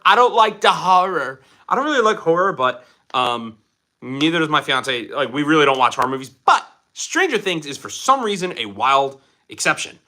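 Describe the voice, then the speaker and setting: A man's voice: fairly high pitch, bright, forceful tone. A young man from Philadelphia chatting casually on a live stream, reading viewer questions aloud and answering them. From Philadelphia, USA.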